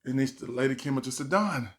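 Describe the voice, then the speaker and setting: A man telling a personal story as a stand-up comedian, animated and acting out the voices of the people in it. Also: medium pitch. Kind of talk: storytime monologue.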